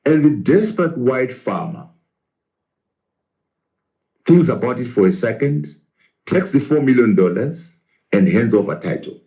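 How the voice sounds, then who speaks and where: A man's voice: mid-range voice, expressive, unhurried, pauses often, mellow, rough recording. A man, a professor, arguing in a political interview, asking rhetorical questions and answering them himself.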